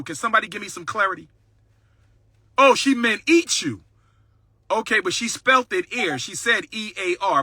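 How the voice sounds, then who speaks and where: A man's voice: high-pitched, sharp tone, no echo. A man hosting a livestream, talking boldly and boastfully in a preaching cadence and repeating his lines for emphasis. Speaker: livestream host. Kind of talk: livestream talk.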